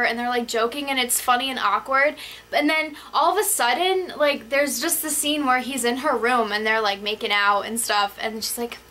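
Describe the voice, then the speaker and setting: A young woman with a bright, slightly high voice talks casually and excitedly in a video chat with a friend. She giggles a lot and often stops and restarts her sentences. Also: moderate pace, slight background noise. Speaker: book vlogger.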